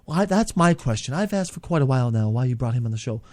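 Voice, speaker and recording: Dude doing a prim fussy cohost voice, all formal and um-ing, dry sound. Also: male voice, mid-range voice, animated, fast talker, a little mellow, no echo, voice pushed down, lightly acted. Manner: prissy and formal, hesitant with ums.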